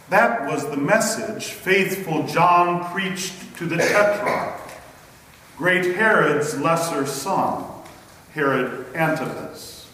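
A man preaching a sermon in a church, with a solemn, deliberate delivery. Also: a little high, lively intonation, sharp tone, a little hiss or hum. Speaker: pastor. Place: church sanctuary. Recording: echoey hall, distant mic.

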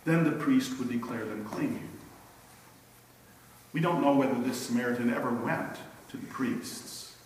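A male preacher giving a sermon with slow, emphatic storytelling and rhetorical questions. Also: medium pitch, slight background noise. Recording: echoey hall from a distance.

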